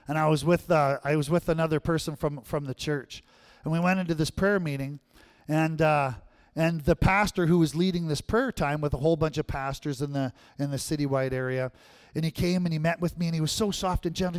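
A man's voice: on the high side, steady tone, fairly quick, no echo, studio quality. A male pastor giving a sermon in a conversational way, often checking in with the audience. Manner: conversational, keeps asking the audience "right?".

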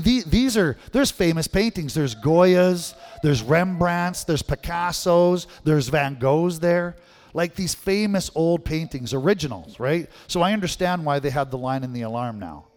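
Canadian guy preaching, kinda high voice, keeps asking the crowd "right?", big echoey hall. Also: a little slow. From Manitoba, Canada. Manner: animated, rising questions to the crowd, frequent "right?". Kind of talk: sermon with storytelling. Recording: long reverb in a hall.

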